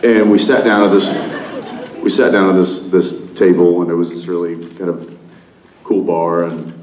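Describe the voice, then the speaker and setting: A man's voice: sits low, flat delivery, normal speed, a little mellow, distant mic. A man on a convention panel telling an amused anecdote, laughing as he goes. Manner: amused, laughs through his story. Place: large convention hall. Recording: echoey hall with crowd noise. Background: audience murmur and hall noise.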